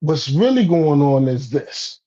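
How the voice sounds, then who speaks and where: Husky high-voiced man ranting on a stream. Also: big pitch swings, unhurried. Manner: rambling, repeats himself, swears, builds to loud outbursts. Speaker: guest on a talk stream. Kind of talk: heated casual chat. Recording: dull lo-fi stream audio.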